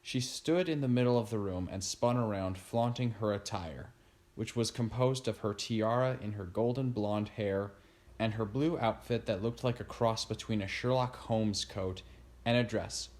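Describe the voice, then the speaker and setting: A man narrating a storybook chapter in a steady reading voice. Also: lowish voice. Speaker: audiobook narrator.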